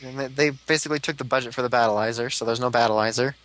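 A man's voice: mid-range voice, fairly even intonation, fast talker, a bit bright, rough recording. A young man chatting casually about a TV show, rambling with lots of fillers. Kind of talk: casual fan chat.

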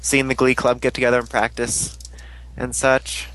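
A man's voice: mid-range voice, level tone, moderate pace, fairly bright tone, low-quality recording. Giggly young man recapping an episode. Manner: giggly, rambling, mimics characters while recapping. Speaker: podcast host recapping an episode. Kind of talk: casual chat.

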